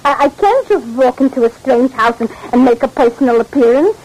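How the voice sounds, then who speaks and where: A woman's voice: high voice, lively intonation, brisk, a little mellow, rough recording. A flustered stammering immigrant mother. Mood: fussing. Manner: stammering, repeats words. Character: fussy middle-aged immigrant mother, flustered. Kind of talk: 1940s radio acting.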